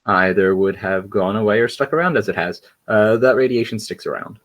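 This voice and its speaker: A young man running a tabletop game as game master, giving relaxed, matter-of-fact rulings. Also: on the low side, fairly quick.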